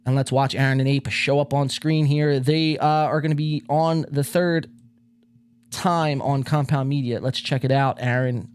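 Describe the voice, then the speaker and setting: A man hosting a podcast, pausing a clip to give sarcastic casual commentary. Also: medium pitch, steady tone, clean tone. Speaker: podcast host.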